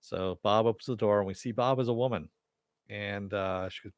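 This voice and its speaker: Man reviewing a TV episode: low voice, dry close sound, loose filler-heavy retelling. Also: fairly even intonation, normal speed, gravelly, no echo. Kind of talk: casual episode recap.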